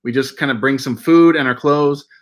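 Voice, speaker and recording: A man's voice: mid-range voice, normal speed. A man co-hosting a casual livestream chat. He rambles in a self-deprecating way and often restarts his sentences. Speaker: livestream co-host.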